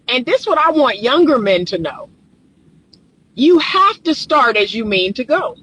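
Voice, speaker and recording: In a low-quality recording with some hiss or hum, a relationship coach with a high, fairly bright, very animated voice speaks a little slowly. Her direct-to-camera advice monologue is casual and colloquial, emphatic and preachy, broken often by laughter.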